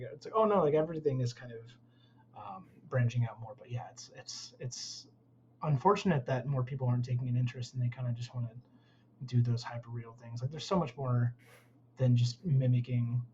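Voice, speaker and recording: A man's voice: mid-range voice, fairly even intonation, a little fast, darkish tone, highs cut off, a little hiss or hum. A man who works as a concept artist, speaking as a guest in a casual interview and rambling with many fillers.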